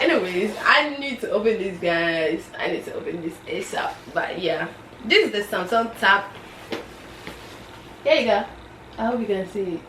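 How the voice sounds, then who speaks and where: A chatty, excitable woman unboxing on camera from her bed, her voice at a middle pitch. She sits back from the mic in a roomy-sounding space, with a faint hum of ambience behind her. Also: moderate pace, long pauses, recorded from a distance. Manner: chatty, excitable, squeals with delight. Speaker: vlogger. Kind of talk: casual unboxing vlog. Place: her bedroom.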